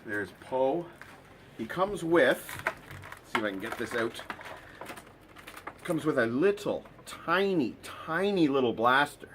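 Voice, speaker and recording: A man chatting casually through a toy unboxing, sarcastic and dry, with plenty of ums along the way. His voice sits at an ordinary middle pitch. A faint hiss of background noise runs under the recording. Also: sing-song, takes it slowly, long pauses.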